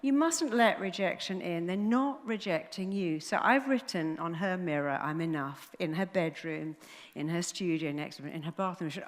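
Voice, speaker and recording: A middle-aged woman, a therapist, tells a story from the stage in an animated way, acting out each person she quotes. Her voice sits at an ordinary middle pitch. It carries a long reverb that fills a large hall. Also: moderate pace.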